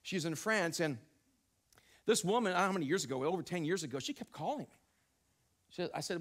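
A middle-aged man preaches from the pulpit of a church, his voice sitting noticeably high for a man. He tells stories with animated energy, exclaiming and doubling back on phrases to drive them home. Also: fast, long pauses. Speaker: pastor. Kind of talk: sermon. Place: church sanctuary.

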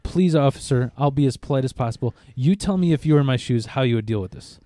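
Animated man telling a profane story. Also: medium pitch, fast. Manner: animated, profane, acts out quotes. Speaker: podcast co-host. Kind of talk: casual chat, storytelling.

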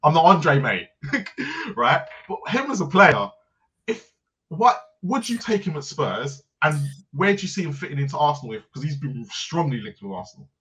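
A man co-hosting a casual football debate, chatty and quick to laugh. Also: fairly high pitch, sing-song, pushed and bright, lo-fi sound. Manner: chatty, laughs often, agreeable. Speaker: football podcast co-host.

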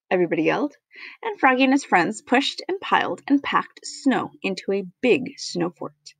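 A woman reading a children's picture book aloud, animated and playful, with sound effects. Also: mid-range voice, moderate pace, gravelly, slightly rough, no echo. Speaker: storybook reader.

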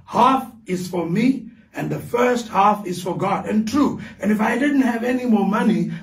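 A man with a South African accent preaching a fervent sermon as pastor, building to shouted declarations in a large church hall. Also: high-pitched, far from the mic. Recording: echoey hall, voice picked up from afar.

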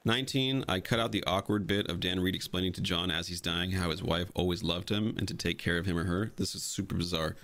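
Man, deep low voice, casual commentary, blunt, swears freely. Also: brisk, few pauses, fairly bright tone. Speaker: video creator explaining his fan edit of a film.

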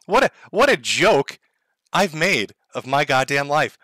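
A man's voice: on the high side, very animated, measured pace, sharp tone, no echo, exaggerated voice. A man doing a mocking first-person impression of a disgraced male streamer, whining about his ruined life in a dry, close sound. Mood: mock self-pity. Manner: mocking, whiny confession. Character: self-pitying disgraced male streamer, pathetic.

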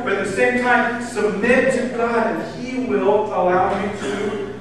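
A man preaching a sermon with passion, swinging between loud urging and hushed pleading. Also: high voice, moderate pace, distant mic, slight background noise. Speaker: pastor. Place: church hall. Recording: echoey hall recorded from afar.

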